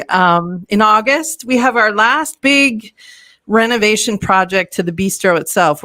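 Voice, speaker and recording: A woman's voice: medium pitch, fairly bright tone, no echo. Woman restaurant owner chatting on a podcast, open and candid, tells stories. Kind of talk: casual interview chat.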